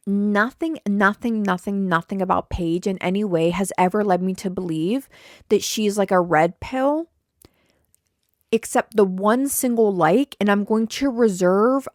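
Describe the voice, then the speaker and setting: A woman's voice: medium pitch, darkish tone, dry recording, studio quality. Chatty, blunt young woman podcaster. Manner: chatty and blunt, with repeated words, swearing, and mock quotes. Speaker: podcast host. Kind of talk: casual solo podcast chat. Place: home attic podcast studio.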